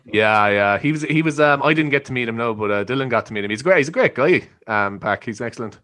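A man's voice: mid-range voice, animated, fast talker, pushed and bright. A young man with a Cork Irish accent hosting a podcast in casual chat. He rambles and swears, with a lot of "you know". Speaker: podcast host.

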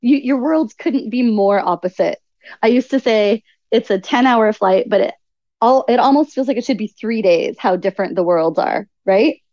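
A woman guest on an interview podcast, telling stories in an animated way and acting out what people said. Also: fairly high pitch, moderate pace, no echo, muffled recording. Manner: animated storyteller acting out quoted speech. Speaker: podcast guest, author and nutritional coach. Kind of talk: conversational interview storytelling.

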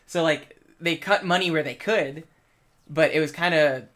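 A man's voice: fairly high pitch, normal speed, a bit bright. A man in casual chat, rambling with lots of filler words and swearing while telling a story from a film set. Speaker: film crew member.

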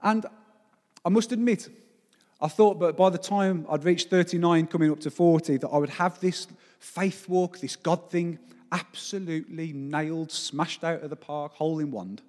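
A man's voice: a little high, moderate pace, darkish tone, in a large hall. A forty-year-old man preaching a sermon as pastor. He speaks with emphasis and often puts rhetorical questions to the congregation. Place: church service.

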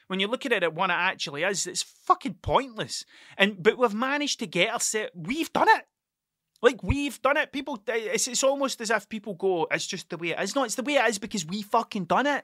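A man's voice: high voice, bright, forceful tone, dry recording, clean studio sound. A Scottish man rambling through a monologue as a podcast host, swearing freely, drifting off on tangents and laughing at himself.

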